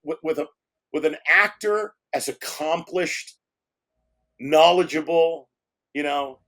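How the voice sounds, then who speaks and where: A man's voice: a little high, slow, a bit bright. A man around sixty, a film director telling anecdotes in a casual interview, laughing often and swearing freely.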